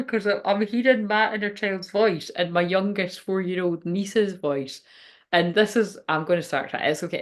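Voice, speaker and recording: A woman who works as a spiritual medium, rambling chattily and emotionally on a live stream and laughing often. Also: medium pitch. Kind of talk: casual live-stream chat.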